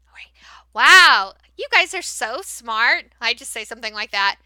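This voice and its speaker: A woman teacher demonstrating how to run a class for young learners, switching between explaining to other teachers and modeling big, excited praise for kids. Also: sits high, moderate pace, clean tone, dry recording. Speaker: teacher trainer. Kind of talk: training demo, modeling classroom talk.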